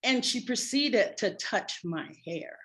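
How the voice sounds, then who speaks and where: A middle-aged woman speaking to her congregation as a spiritual practitioner. She tells a personal story in an animated, wry way. Her voice sits at a mid pitch. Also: slow.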